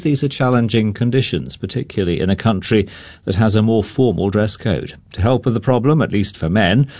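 A man presenting a radio news programme, introducing stories and guests in a measured way. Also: fairly low pitch, a little mellow, no echo.

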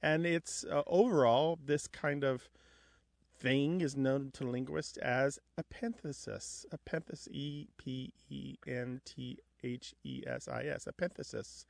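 A man's voice: medium pitch, a little slow, gravelly, no room sound. A man co-hosting a radio talk show, explaining language points in a lecturing way. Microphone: studio microphone.

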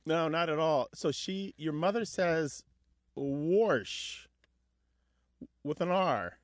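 A man's voice: fairly high pitch, measured pace, dry recording, studio quality. Man co-hosting a radio word show. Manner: explanatory, lecturing on language. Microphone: studio microphone.

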